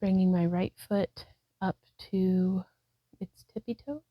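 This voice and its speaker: Speaking slowly in a medium-pitched voice, a yoga instructor cues breaths and poses at home, indoors beside a wall. At times breathless, she laughs at herself and stays chatty and relaxed between cues, including self-talk. The recording is dry and muffled.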